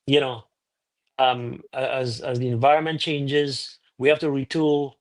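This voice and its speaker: A man speaking as a guest commentator, calm and explanatory. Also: medium pitch, measured pace.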